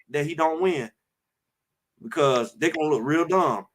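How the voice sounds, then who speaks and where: A man hosting a live sports talk show, ranting with heat and repeating himself for emphasis. He speaks a with a somewhat raised pitch. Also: normal speed, fairly bright tone. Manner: fired-up, emphatic, repeats phrases. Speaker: show host.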